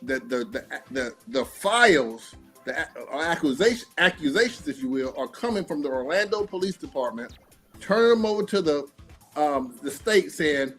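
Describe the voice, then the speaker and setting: Podcast host guy, kinda high voice, cussing and acting out quotes, soft music underneath. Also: moderate pace, slightly rough. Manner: animated, profane, acts out quotes. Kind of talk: casual streamed talk show.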